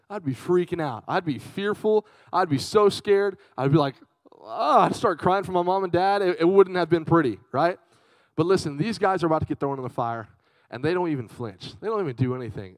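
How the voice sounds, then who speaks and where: A young youth speaker delivers a sermon to a youth group built on personal storytelling, switching between his stories and shout-outs to the crowd. He's lively and chatty, calling out to the audience in a fairly high voice, and the sound is close and dry with little room echo.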